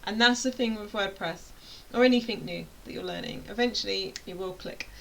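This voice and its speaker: A woman's voice: mid-range voice, brisk, gravelly, a little hiss or hum, low-quality recording. Chatty British woman course tutor. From United Kingdom. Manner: rambling, self-interrupting, playful. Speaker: online course instructor. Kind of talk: casual chatty explainer.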